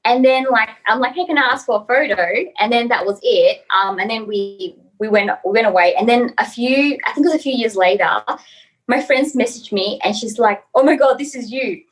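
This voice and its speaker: Woman from australia, podcast guest, higher voice, animated storytelling, giggly, lots of fillers. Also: a little fast, rough recording. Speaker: interview guest. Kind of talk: casual podcast interview.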